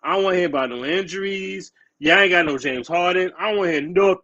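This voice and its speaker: A man, trash-talking in heated sports banter on a podcast. His voice sits somewhat high. He hammers points home by repeating himself. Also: fast talker, sharp tone, dull audio. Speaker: podcast co-host.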